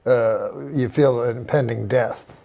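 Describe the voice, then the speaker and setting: A man, a comedian, telling rambling deadpan stories as a talk-show guest. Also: medium pitch, measured pace. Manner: deadpan, rambling, with many fillers.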